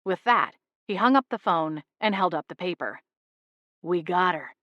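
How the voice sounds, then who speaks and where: A woman narrating a first-person audiobook in a steady, even storytelling voice on a studio microphone. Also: on the low side, moderate pace, no room sound, highs cut off.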